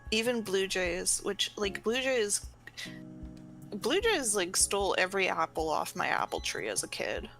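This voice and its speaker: A woman chatting casually as a guest on a drawing stream, laid-back and joking, quick to laugh. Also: mid-range voice, vocal fry, fairly bright tone, faint music behind, poor audio. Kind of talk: casual chat while drawing.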